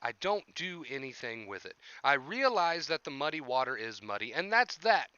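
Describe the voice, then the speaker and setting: Bright, clear-voiced young man streaming. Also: mid-range voice, very animated, moderate pace, dry recording, highs cut off. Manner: chatty, repeats phrases, coaches viewers. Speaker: livestream host talking about anxiety. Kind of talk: casual livestream talk.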